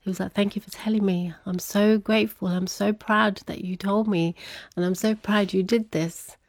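A woman telling a personal story as an interview guest, laughing often and animated when quoting others. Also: mid-range voice, normal speed, dry recording, studio quality.

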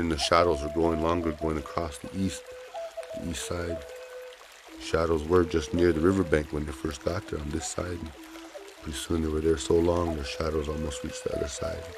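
A man telling a traditional story aloud in an unhurried, soft-spoken, conversational way. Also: very deep voice.

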